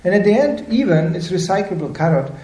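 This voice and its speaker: Animated older man lecturing in an echoey room. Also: sits high, a little fast. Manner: animated storytelling, acting out voices in quotes. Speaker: spiritual teacher.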